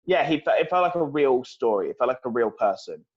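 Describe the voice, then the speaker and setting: A man's voice: medium pitch, animated, a little fast. A man co-hosting a casual review podcast who rants with profane exasperation. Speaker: podcast co-host. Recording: slightly dull lo-fi audio.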